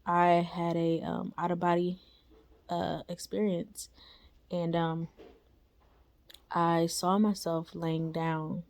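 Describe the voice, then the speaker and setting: Low, gravelly woman telling a story. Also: level tone, slow, pauses often, a little mellow. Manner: chatty, slangy, lots of fillers and tag questions. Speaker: storyteller sharing a spiritual experience. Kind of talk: casual personal storytelling.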